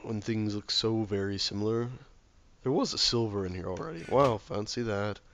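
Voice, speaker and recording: A hoarse, ill man talking himself through a game, often muttering softly or near a whisper. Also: fairly low pitch, moderate pace, slight background noise. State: hoarse from illness. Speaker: gameplay video maker. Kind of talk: relaxed gameplay commentary.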